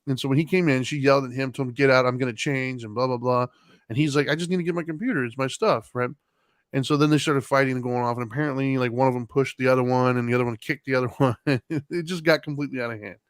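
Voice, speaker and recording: A man's voice: mid-range voice, no room sound. Chatty man telling a story, dry mic. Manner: relaxed, rambling with many fillers and laughs. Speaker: podcast co-host. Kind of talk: casual chat, storytelling.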